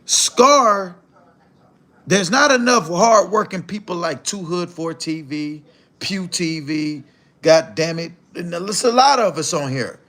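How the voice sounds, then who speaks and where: A man's voice: sits high, expressive, takes it slowly, a bit bright. An older man from Mississippi, hosting a live stream and mocking another creator in blunt, profane commentary. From Mississippi, USA. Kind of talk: live commentary reacting to clips.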